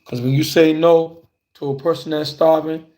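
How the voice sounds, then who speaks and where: Animated man telling a childhood story. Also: a little high, moderate pace. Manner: animated, loose and conversational, acting out scenes. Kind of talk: casual spoken storytelling.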